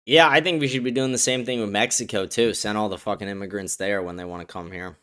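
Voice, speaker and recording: A man's voice: fairly low pitch, quick pace, a bit bright, clear, resonant tone. A man hosting a live stream, talking in a blunt, profane, combative way as he reacts to viewer messages. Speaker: host. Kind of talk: casual live-stream commentary.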